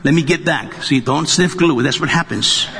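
A man's voice: a little high, normal speed, creaky, sharp tone. A man pastor preaching a sermon to a congregation, joking and conversational as he goes. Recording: long reverb of a large hall.

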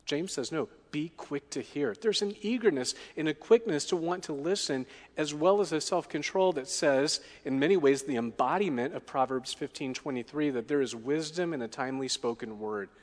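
A man's voice: fairly high pitch, normal speed, hardly any pauses. A man preaching a sermon as a pastor, often asking the congregation questions. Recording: long hall reverb.

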